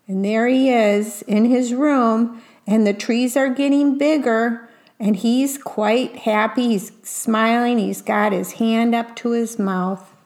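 A woman with a steady, somewhat high voice reads a picture book aloud slowly. In a gentle storytime manner, she pauses to describe each illustration.

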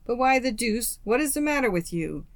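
A boisterous young student speaks with hearty, teasing cheer, as an audiobook reader puts him on. The sound is close and dry. His pitch lifts above the narration. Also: very animated, moderate pace, dry recording. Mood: jolly. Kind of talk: audiobook character reading.

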